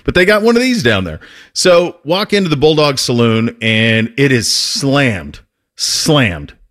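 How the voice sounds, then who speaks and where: A man's voice: mid-range voice, unhurried. Man telling a story on his show. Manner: animated, with frequent restarts and laughs. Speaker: host. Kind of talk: casual storytelling.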